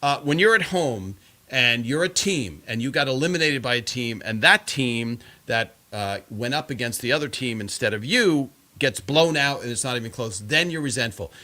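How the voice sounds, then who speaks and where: A man's voice: medium pitch, lively intonation, moderate pace, sharp tone. A man hosting a live stream, chatting casually and reading viewer comments in a rambling way full of fillers.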